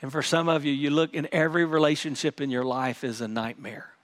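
A middle-aged pastor preaches with earnest conviction, doubling back on words as he presses his point. His voice sits a little high for a man. He moves from urgent appeals to hushed, prayerful moments. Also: fairly even intonation, fairly quick. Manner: earnest, repeats words, drops to soft prayerful tones. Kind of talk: sermon.

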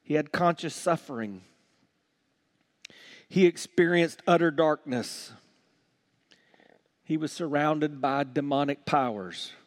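Guy preaching a sermon, voice a bit high, gets loud then drops real quiet, drags out the big words. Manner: dramatic swings from loud emphasis to hushed quiet; slows down to stress key words. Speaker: pastor.

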